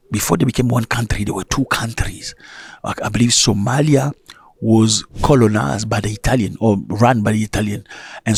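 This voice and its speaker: A man giving casual opinion commentary to his viewers, animated and full of rhetorical questions and chuckling asides. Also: on the low side, slightly rough, dry recording.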